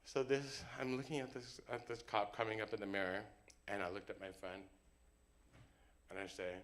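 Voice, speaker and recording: A man's voice: lowish voice, moderate pace. A young man telling a funny true story on stage, acting out the other people's lines. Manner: animated, comic, acts out dialogue. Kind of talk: live storytelling performance.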